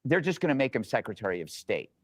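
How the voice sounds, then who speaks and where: A man's voice: medium pitch, sing-song, dry recording. Man, political commentator, wry jokes, dry close sound. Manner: wry, joking, fast patter. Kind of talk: opinion commentary.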